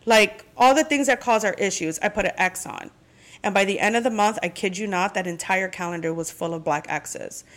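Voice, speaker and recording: A woman's voice: mid-range voice, brisk. A woman hosting her podcast in a casual chat, talking candidly and venting with frequent swearing. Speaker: podcast host.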